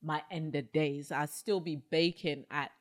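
Low-voiced animated woman. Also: a little slow. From South London. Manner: animated storyteller, acts out quotes, exclaims. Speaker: baker and cafe owner, guest. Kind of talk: casual interview chat.

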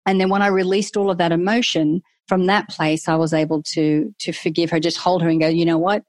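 A woman's voice: fairly low pitch, a little fast, dry recording. Middle-aged woman telling a candid story. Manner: animated, candid, acts out her own inner voice. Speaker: guest. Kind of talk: casual storytelling interview.

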